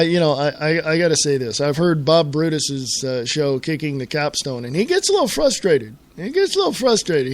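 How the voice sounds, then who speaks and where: A middle-aged American man hosting his own internet radio talk show alone, ranting in an exasperated way and often repeating and restarting his words. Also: on the high side. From United States. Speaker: host.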